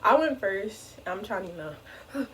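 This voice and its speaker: A young adult woman vlogger telling a funny personal story in an animated way, often saying "like". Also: medium pitch, a little hiss or hum, poor audio. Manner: animated, fills speech with "like". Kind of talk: casual storytime.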